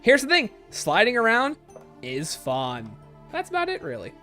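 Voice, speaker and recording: A man chatting casually on a gaming livestream, answering viewer comments and reeling off long lists in quick succession. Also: huge pitch swings, bright, forceful tone, faint music behind. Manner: rapid-fire listing, sliding up and down in pitch.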